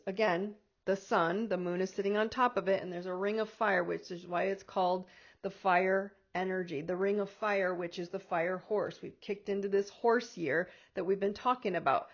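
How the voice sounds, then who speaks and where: Woman coach chatting to camera, lively, acts out voices, laughs a lot, sound a bit dull. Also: medium pitch. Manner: animated, quick to act out inner voices, laughs often. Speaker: life coach. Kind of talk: casual spiritual talk to camera.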